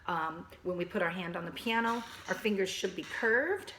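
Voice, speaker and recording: A woman teaching a recorded piano lesson to children and their parents, patient and instructive, slightly hoarse and often clearing her throat. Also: fairly low pitch, moderate pace, bright, forceful tone, roomy sound, slight background noise. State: losing her voice. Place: at a piano, indoors.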